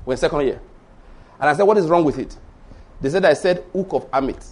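A middle-aged Nigerian pastor with a Yoruba accent, preaching in an animated storytelling way and acting out conversations. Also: male voice, on the high side, fast talker. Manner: animated storytelling, acts out dialogue, rhetorical questions. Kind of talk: sermon.

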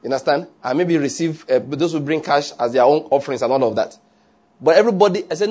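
A man's voice: fairly high pitch, fast talker, darkish tone, husky. A man preaching a conversational sermon, often checking that listeners follow.

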